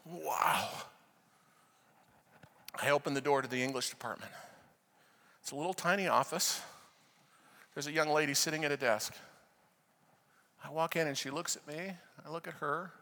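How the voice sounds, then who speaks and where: An American man preaching a sermon, telling a story with passion and moving between loud fervent prayer and hushed narration. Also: fairly high pitch, moderate pace, long pauses. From United States. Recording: reverberant hall.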